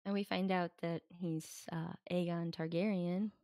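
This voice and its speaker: A woman's voice: fairly low pitch, little pitch movement, unhurried, dark tone, no room sound, studio quality. A woman co-hosting a podcast in casual chat, talking freely and acting out quotes in exaggerated voices. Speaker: podcast co-host. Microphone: podcast microphone.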